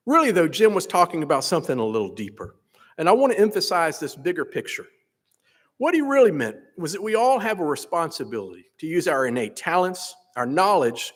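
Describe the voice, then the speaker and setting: A man delivers an earnest, measured commencement address, his voice fairly high and lively in its rise and fall. The long reverb of a large hall trails each phrase. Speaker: faculty senate president. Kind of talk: commencement speech. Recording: echoey hall PA recording.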